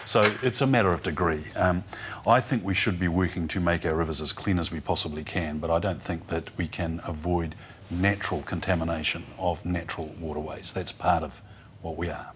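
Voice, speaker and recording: New Zealand man, low and earnest, hesitant panelist. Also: fairly even intonation, fairly quick, fairly bright tone, a little hiss or hum. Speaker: panelist, church dean. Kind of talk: TV panel discussion. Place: TV studio.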